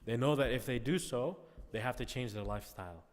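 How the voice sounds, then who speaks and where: Male class teacher, conversational lecture style, medium pitch, reverberant classroom sound. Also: brisk. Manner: conversational, checks in with "all right?" often. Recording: long reverb.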